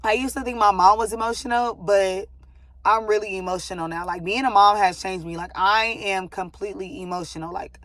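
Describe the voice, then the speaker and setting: A woman's voice: mid-range voice, steady tone, a little fast, a bit bright, no room sound. A young woman talking to camera in a rambling, casual way, with many likes and ums, telling her followers about her family. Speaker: vlogger giving a life update.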